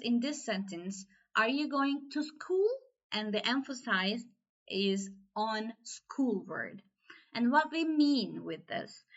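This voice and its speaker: A woman whose first language is Turkish, slowly explaining grammar in an online lesson and repeating her examples. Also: fairly high pitch, fairly bright tone, highs cut off. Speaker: Turkish teacher.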